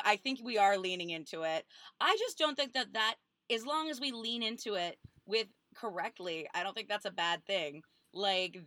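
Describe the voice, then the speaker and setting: A woman's voice: on the low side, bright, forceful tone, no echo. A woman co-hosting a casual podcast chat, arguing her points in a talkative way with frequent restarts. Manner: chatty, argues points with restarts. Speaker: podcast co-host.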